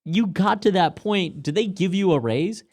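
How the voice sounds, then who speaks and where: A young man hosting a casual podcast chat, reacting bluntly and loudly with plenty of swearing. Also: high voice, moderate pace.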